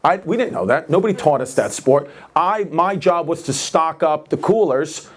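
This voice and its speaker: A man with a New York accent doing stand-up, telling a story with animated energy and laughing as he goes, then talking casually offstage, sweaty and winded after a set. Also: fairly high pitch, moderate pace. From Queens, New York. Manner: animated, laughing through his own story. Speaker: stand-up comedian.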